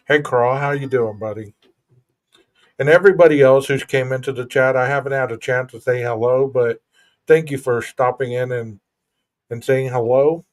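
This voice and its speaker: Earnest reflective man hosting a stream. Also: medium pitch. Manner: earnest, reflective, says "bro" and "you know". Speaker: podcast host. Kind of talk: casual livestream chat.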